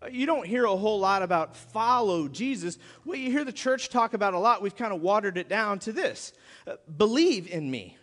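A man preaching a sermon as pastor, animated and acting out mock prayers for his audience. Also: high voice, fast talker. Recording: long hall reverb.

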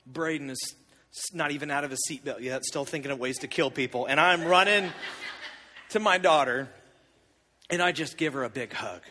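A bright, forceful man's voice, pitched fairly high, telling a personal story from the pulpit. He is animated and confessional, swinging between loud and hushed. The sound rings out with the long reverb of a large hall. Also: normal speed, a little hiss or hum. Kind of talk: sermon storytelling.

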